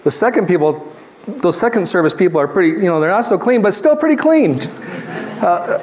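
A male pastor with a slightly high voice preaching in a relaxed, conversational way. He tells jokey everyday stories and reads scripture slowly. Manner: deliberate scripture reading. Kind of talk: sermon.

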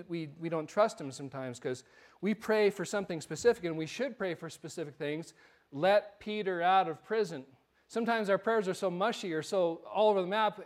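A man with a notably high voice preaches a sermon in church. He tells stories in a loose, conversational way and stumbles over repeated words as he goes. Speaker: pastor.

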